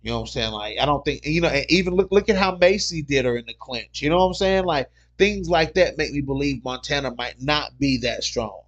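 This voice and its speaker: A man hosting a casual MMA livestream, reading viewer comments aloud and talking in an excitable, slangy way that loops back on the same point. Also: fairly high pitch, a little fast, hardly any pauses, muffled recording. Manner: excitable, repeats himself, slangy.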